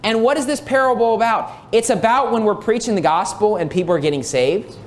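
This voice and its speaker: A man's voice: high voice, fairly quick. A man preaching a sermon, reading scripture aloud and repeating key phrases for emphasis.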